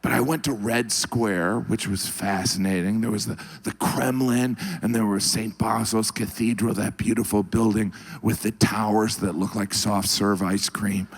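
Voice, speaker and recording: A middle-aged man doing a deadpan stand-up routine on stage. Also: fairly low pitch, moderate pace, hardly any pauses. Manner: deadpan, puts on mock Russian voices in quotes. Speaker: stand-up comedian. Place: comedy stage before a live audience.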